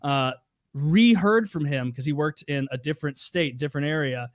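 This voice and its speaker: A man's voice: fairly high pitch, animated, brisk, dry recording, studio quality. A man on a podcast, telling casual, profane anecdotes with a wry edge. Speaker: podcast regular. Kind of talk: casual storytelling.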